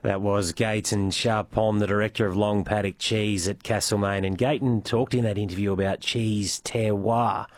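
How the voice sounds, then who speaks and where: A man's voice: lowish voice, flat delivery, normal speed, hardly any pauses, no room sound. A man hosting a rural radio show, asking questions conversationally and wrapping up the program. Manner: conversational, asks long questions. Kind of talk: radio interview and show wrap-up.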